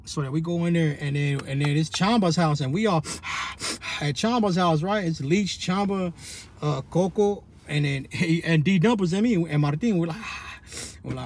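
A man's voice: a little high, normal speed, gravelly, slightly rough. A man telling a rambling story in a loose, slang-heavy way, full of restarts and "you feel me" tags. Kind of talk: casual storytelling monologue.

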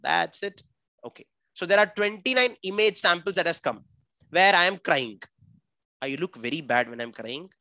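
Man, Indian English accent, online class teacher, high voice, bright and dry sound, chatty with children. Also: expressive, moderate pace, no echo. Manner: upbeat, chatty, addresses students by name.

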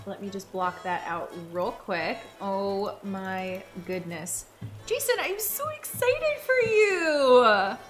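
A woman hosting a casual live stream while gaming, gushing and excitable, with squealing bursts. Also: mid-range voice. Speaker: streamer host.

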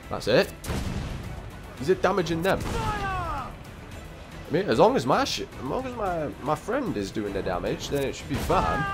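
A young man giving gameplay commentary, muttering to himself and repeating his frustrations as he plays. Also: medium pitch. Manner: exasperated, talking to himself, repetitive. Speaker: gamer. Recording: voice over game audio with loud music. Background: loud game music and cannon fire.

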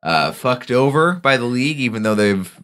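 A man's voice: medium pitch, very animated, normal speed, a bit bright. A man hosting a podcast, chatting casually and rambling with restarts and fillers. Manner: rambling, laid-back, frequent filler restarts. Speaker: podcast host.

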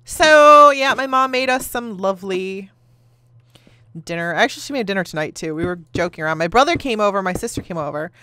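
Chatty woman with a lively, swooping voice. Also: medium pitch, a little fast, clear, resonant tone. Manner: chatty, rambling storyteller who laughs often. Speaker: gaming video host. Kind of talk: casual chat while playing a game.

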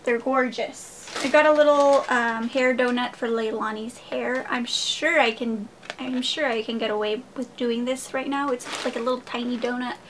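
This young woman's haul vlog is a casual, gushing chat aimed at "you guys." She speaks at normal speed with a highish, fairly even voice, and the rough recording has a little hiss or hum.

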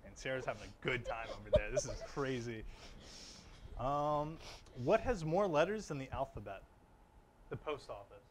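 A man's voice: medium pitch, animated, moderate pace, long pauses, background noise. A young man hosting a student TV segment, telling dad jokes and pleading for laughs after each one. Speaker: student TV host. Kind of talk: playful group challenge chat, telling dad jokes.

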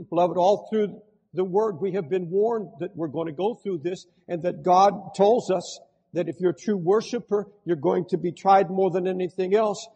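An older man preaching a sermon as pastor, swinging between loud impassioned outbursts and hushed pleading. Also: high voice, moderate pace, breathy edge, big-room sound.

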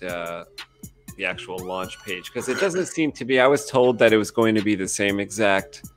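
A man co-hosting a comic-art livestream, talking casually in halting phrases full of filler words. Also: on the low side, fairly bright tone. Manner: halting, filler-heavy talk. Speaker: comic artist co-host.

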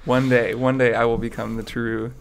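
A man's voice: medium pitch, level tone, moderate pace. A man co-hosting a podcast, chatting casually and playfully. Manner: playful, joking. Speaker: podcast co-host. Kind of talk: casual chat.

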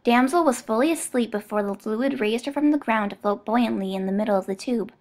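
A woman narrating an audiobook in a measured, even storytelling manner. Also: fairly high pitch. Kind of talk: scripted narration.

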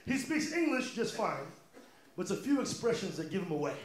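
A man's voice: high voice, big pitch swings, brisk, slight background noise. An American man performing a live stand-up comedy set on a club stage, with a sarcastic, mock-serious delivery and punchy asides. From United States. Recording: echoey club room with loud audience.

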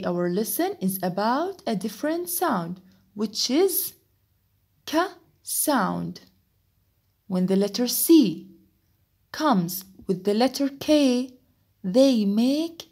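Woman, English teacher, husky voice, lively rising and falling pitch, repeats each phrase. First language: Arabic. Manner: repeats each phrase slowly, explains in Arabic. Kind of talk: recorded classroom lesson.

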